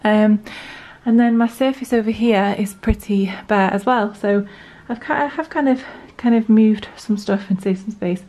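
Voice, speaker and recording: A woman's voice: mid-range voice, moderate pace, mellow. A young woman chatting casually in a home vlog, rambling with lots of fillers, at times out of breath. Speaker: vlogger. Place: home, indoors.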